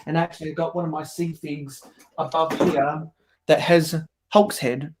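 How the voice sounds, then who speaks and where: A man's voice: a little high, level tone, normal speed. A man with a South Australian accent chatting as a guest on a community stream, hesitant and full of ums and restarts. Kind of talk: casual stream chat.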